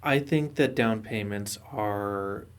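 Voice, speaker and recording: A man co-hosting a casual local podcast, explaining his view in a measured, opinionated way. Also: fairly low pitch, smooth. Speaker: podcast co-host. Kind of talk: casual chat.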